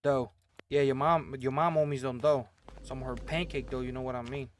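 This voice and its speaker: A man's voice: medium pitch, fairly even intonation, brisk, slight background noise. Crude mumbling gamer guy. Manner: crude, joking, often mumbled and quiet asides. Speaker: gaming streamer. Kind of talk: casual game commentary.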